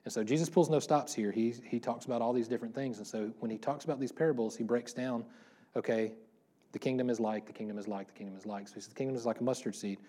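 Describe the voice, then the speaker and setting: Quick-paced and warm, a pastor's mid-range voice leads a casual sermon in a church room, where he frequently questions the congregation and often breaks into laughter.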